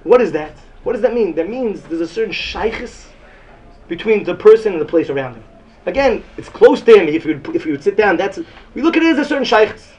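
Man, high voice, rapid delivery, Talmud lecture, excited, repeats himself, Yiddish and Hebrew terms. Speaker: Talmud teacher.

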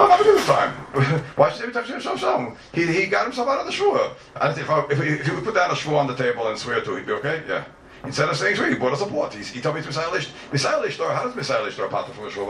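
A man races through a Talmud lesson, his pitch leaping up and down as he argues each point. He is heard from a distance in a roomy classroom, with faint ambience behind him. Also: wildly swooping pitch, pushed and bright, a little hiss or hum. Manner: rapid, questioning, sing-song give-and-take. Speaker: Talmud teacher. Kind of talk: animated Talmud class lecture.

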